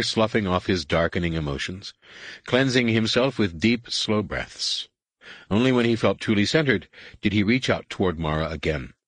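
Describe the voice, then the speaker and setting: A man narrating a novel in a measured, dramatic way. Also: sits low, fairly bright tone, slightly rough, no echo. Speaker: audiobook narrator. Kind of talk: scripted narration.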